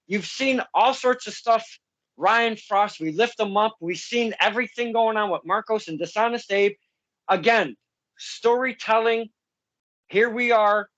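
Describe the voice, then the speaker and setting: A man hosting an interview, casually recapping events in quick fragments before asking questions. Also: high-pitched, a bit bright, no echo, dull audio. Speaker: podcast host.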